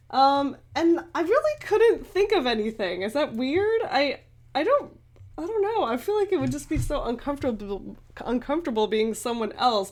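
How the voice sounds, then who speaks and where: A woman artist chatting casually while she paints, rambling and giggly with lots of fillers. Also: on the high side. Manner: rambling and chatty, with many fillers and frequent laughs. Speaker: artist and YouTube host.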